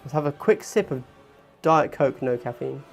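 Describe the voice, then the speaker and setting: A man in his thirties chats his way through a hobby livestream, animated and quick to get worked up. His voice sits mid-range with a gravelly edge. Faint music plays softly behind him. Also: medium pitch. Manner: chatty, animated, gets worked up and self-deprecating. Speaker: livestream host. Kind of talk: casual hobby livestream chat.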